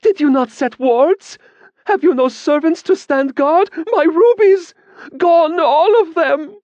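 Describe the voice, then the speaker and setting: A man's voice: extremely high pitch, slow, darkish tone, dry recording, highs cut off, voice pushed up. A man voicing a scheming young woman in an audiobook, shrieking and demanding with feigned distress. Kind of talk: audiobook character voice.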